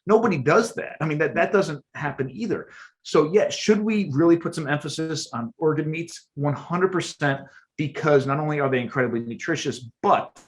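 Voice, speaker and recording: Man, podcast guest, fairly high voice, emphatic, animated, restarts his words as ideas tumble out. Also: moderate pace. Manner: emphatic, animated storyteller who often repeats words. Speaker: guest, archaeologist and chef. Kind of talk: podcast interview, explaining at length.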